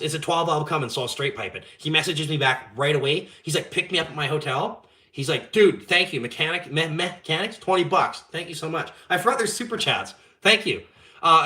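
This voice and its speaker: A young man, hosting a live stream and telling a story in casual, animated chat, swearing freely and acting out the dialogue. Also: on the high side. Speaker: channel host.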